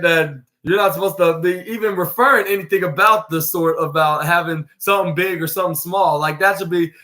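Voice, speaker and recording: A man's voice: high voice, sharp tone. A young man hosting a podcast, recapping wrestling in a rambling casual way, full of fillers and acted-out quotes. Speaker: podcast host.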